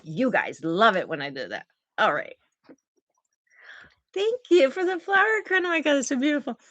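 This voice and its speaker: A woman live-streams from her phone, chatting with her viewers and thanking them for gifts. Her voice swings around a lot as she tells the story. The sound is dry and close, with almost no room echo. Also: medium pitch. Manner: animated storyteller, acts out quotes in big voices. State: recovering from oral surgery. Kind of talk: casual live-stream chat.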